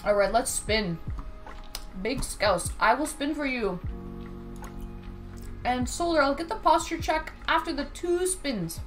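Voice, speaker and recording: A woman's voice: sits high, takes it slowly, pauses often, soft background music. A woman live-streaming in casual chat, thanking viewers by name and talking straight to her chat. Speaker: livestreamer.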